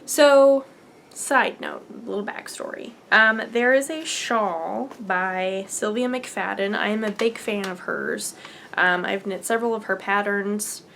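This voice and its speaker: A woman hosting a chatty podcast, gushing with excitement and often slipping down to a near whisper. Her voice sits at a middling pitch. A faint background hiss runs under it. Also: takes it slowly, creaky. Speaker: podcast host. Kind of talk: casual podcast chat showing yarn to camera.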